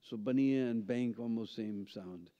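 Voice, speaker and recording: A man tells a lively story at a seminar. He pauses often with a questioning "hmm?" to keep his listeners with him. His voice sounds dark and mellow, and it carries a long hall reverb on a dull, muffled recording. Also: medium pitch. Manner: animated storyteller, frequent "hmm?" and "huh?" checks to listeners. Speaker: seminar speaker. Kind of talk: storytelling lecture. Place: temple hall.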